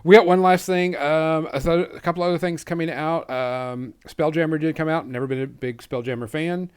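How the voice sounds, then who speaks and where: A man's voice: fairly high pitch, steady tone, normal speed, clear, resonant tone. A man co-hosting a tabletop gaming podcast, talking in an easygoing, hesitant way with many ums. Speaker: podcast co-host. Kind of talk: casual chat.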